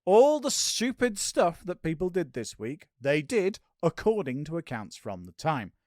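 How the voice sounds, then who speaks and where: A man's voice: fairly high pitch, sing-song, unhurried, a little mellow, dry recording. A man hosting and narrating a comedy history podcast in a playful, jokey, theatrical way. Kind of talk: comic narration and credits.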